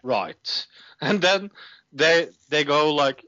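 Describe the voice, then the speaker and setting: A man's voice: medium pitch, slow pace, bright, forceful tone, clean tone, dry recording. A man co-hosting a casual podcast, recapping a TV episode with lots of hesitant fillers. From Norway. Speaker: podcast co-host. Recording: dull lo-fi close mic.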